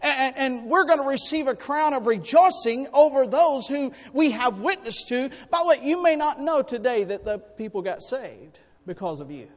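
Male preacher, high voice, folksy storytelling, long reverb from a church hall. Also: normal speed, hardly any pauses. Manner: folksy, animated storytelling with sudden loud bursts. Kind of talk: sermon with personal stories.

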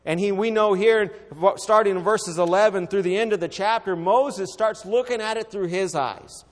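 Guy preaching a sermon in a church, fervent, goes loud then real quiet, lots of hall echo. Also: sits high, moderate pace. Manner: fervent, swings between loud exhortation and hushed quiet. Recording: long reverb of a hall.

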